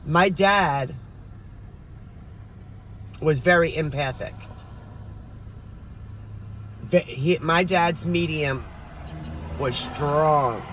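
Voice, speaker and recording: A woman's voice: low voice, extremely slow, pauses often, slight background noise. A middle-aged woman vlogger, chatting casually to her viewers and telling stories, acting out the voices of the people in them. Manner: chatty storytelling, acts out voices.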